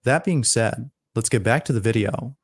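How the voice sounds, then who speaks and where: A man narrating a compilation of scary videos in a steady, measured, scripted storytelling voice. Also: medium pitch, breathy edge, dry recording, clean studio sound. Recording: faint music underneath.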